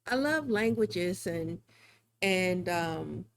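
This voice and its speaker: Slow-talking woman streamer. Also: fairly low pitch, lively intonation, creaky. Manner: rambling, chatty, laughs often. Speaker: live-streaming digital artist. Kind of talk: casual livestream chat while drawing.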